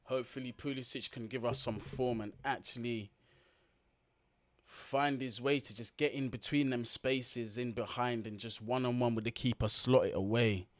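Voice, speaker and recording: A man's voice: medium pitch, fairly even intonation, moderate pace. Blunt slangy man commenting on football. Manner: blunt and slangy, swears freely, talks straight to viewers. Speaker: watch-along host. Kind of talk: casual live football commentary.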